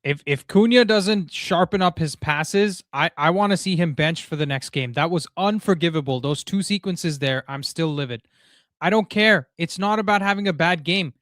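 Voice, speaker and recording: A man's voice: fairly high pitch, normal speed, few pauses, a bit bright, dry recording, clean studio sound. A man hosting a live football watchalong, venting angrily in a ranting, stammering way and swearing at a player. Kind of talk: live match reaction. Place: home room.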